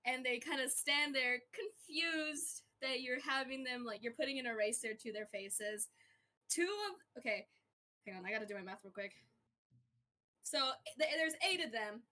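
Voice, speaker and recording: Bright, playful woman narrating a roleplay. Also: high-pitched, moderate pace. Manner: chatty, giggly, playful narration. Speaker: game master. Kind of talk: narrating a tabletop-style roleplay.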